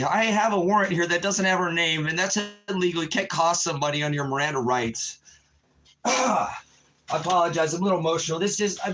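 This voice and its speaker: A middle-aged man, a pastor, giving an emotional, rambling livestream monologue that climbs into shouting. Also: on the high side, rough recording. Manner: impassioned, rambling, rises to shouting.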